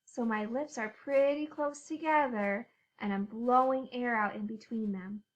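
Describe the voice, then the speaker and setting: A woman teacher leading a phonics lesson for young children, animated and sing-song, reading a storybook aloud. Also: fairly high pitch, a little slow, lo-fi sound.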